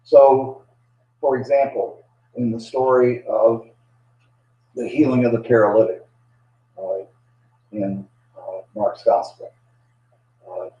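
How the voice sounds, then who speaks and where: A man presenting a lecture on biblical storytelling, speaking haltingly with frequent fillers. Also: medium pitch, fairly even intonation, dark tone, a little hiss or hum. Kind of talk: lecture to a live audience. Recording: dull, distant, echoey room sound.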